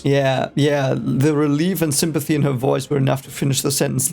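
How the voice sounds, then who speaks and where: A man's voice: a little high, moderate pace, gravelly, hardly any pauses, a little mellow, soft background music. A man whose first language is German, casually reading a book aloud for the first time and reacting with rambling, hesitant, exasperated asides.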